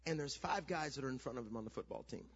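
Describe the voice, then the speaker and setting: A middle-aged man pastor preaching a sermon, telling a story that builds to shouted preaching. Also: mid-range voice, animated, fast talker, slightly rough. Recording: dull lo-fi sound.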